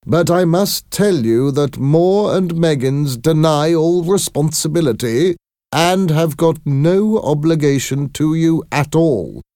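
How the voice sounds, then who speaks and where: A man doing a nervous company messenger in a read-aloud tale, pitched well above a deep voice. He speaks slowly and stiffly, in careful formal phrases. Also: lively intonation, warm tone, no echo, clean studio sound.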